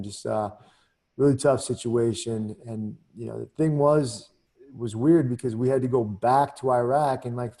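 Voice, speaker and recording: A man's voice: medium pitch, creaky, mellow. A middle-aged man, a former Army captain, telling a candid story in a casual interview, full of "you know" and "man.".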